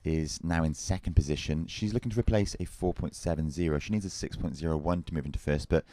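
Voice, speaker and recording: A man doing live surf contest commentary in a measured way, reading out scores, standings and results. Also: a bass voice, warm tone, slight background noise.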